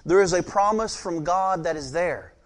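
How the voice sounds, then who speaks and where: A man's voice: high voice, moderate pace. An American man preaching a sermon to his congregation, stuffy and scratchy-throated from a cold, folksy and chatty, asking the room questions. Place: church sanctuary.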